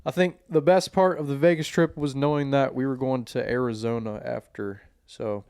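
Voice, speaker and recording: A man's voice: mid-range voice, fairly even intonation, normal speed, a little mellow, smooth, no room sound. Chill young guy on a podcast, cusses a lot, clean dry close mic. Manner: laid-back, swears freely. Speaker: podcast host. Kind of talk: casual chat.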